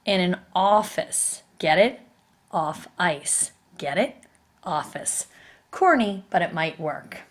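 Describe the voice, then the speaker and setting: Woman teacher recording a spelling lesson; patient, asks questions, slightly low-pitched. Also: expressive, slow pace. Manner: patient, explains step by step with questions.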